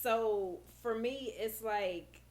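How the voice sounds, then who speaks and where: A woman therapist, a guest on a podcast, explaining in a lively, casual way and acting out how she talks with her young clients. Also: on the high side, extremely slow.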